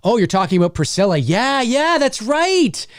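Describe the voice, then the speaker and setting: A man hosting a live question-and-answer stream as a voice actor, talking in a rambling, animated way and swearing freely. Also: extremely high pitch, moderate pace, no room sound, studio quality. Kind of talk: casual live-stream chat.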